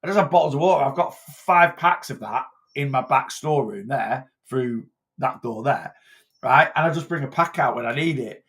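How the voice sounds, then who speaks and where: A man's voice: medium pitch, animated, normal speed, a bit bright. A man giving casual weight-loss advice in a vlog, blunt and chatty, often tagging his points with "right?".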